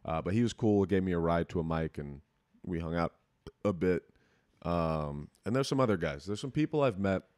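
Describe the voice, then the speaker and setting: Deep-voiced young man, candid and rambling. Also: animated, normal speed, a little mellow, dry recording, studio quality. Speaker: podcast host. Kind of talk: casual chat.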